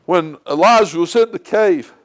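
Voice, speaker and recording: A man's voice: high-pitched, moderate pace. A man preaching a sermon in a church, plain-spoken and folksy, telling homespun stories. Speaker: lay preacher. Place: church sanctuary.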